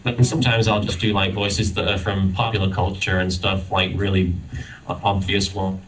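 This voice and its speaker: Low-voiced man, halting panel talk. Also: level tone, fairly bright tone, a little hiss or hum. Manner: halting, many restarts. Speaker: convention panel guest. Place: convention panel room. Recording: distant audience-camera recording.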